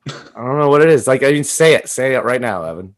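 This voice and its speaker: A man's voice: medium pitch, expressive, fast talker. A man co-hosting a comedy podcast, chatting casually in a rambling, joking way and swearing freely. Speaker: podcast co-host.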